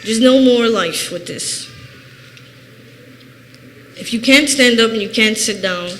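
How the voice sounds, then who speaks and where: A woman's voice: on the high side, slow pace, fairly bright tone. Woman from Chicago, thirties, earnest plain-spoken church testimony, long reverb, faint hiss. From Chicago, USA. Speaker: church member giving testimony. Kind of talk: personal testimony.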